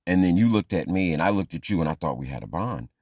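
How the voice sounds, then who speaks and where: A man's voice: low voice, expressive, fast talker, darkish tone, no echo, clean studio sound. A man voicing a clingy, grieving older woman in a comic story, rambling and pleading.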